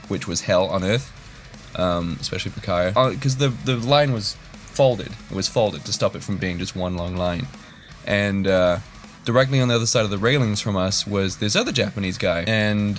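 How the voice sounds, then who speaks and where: A young man telling a story in a rambling, self-deprecating way, full of fillers and restarts. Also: lowish voice. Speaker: YouTuber. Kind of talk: casual storytelling.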